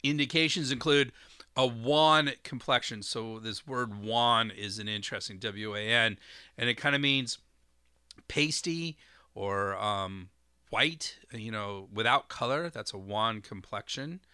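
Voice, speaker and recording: Male podcast host, bright and dry-sounding, explanatory and a bit rambling. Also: mid-range voice, a little slow, smooth, no room sound. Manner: explanatory, with fillers and spelled-out terms. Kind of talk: solo educational podcast.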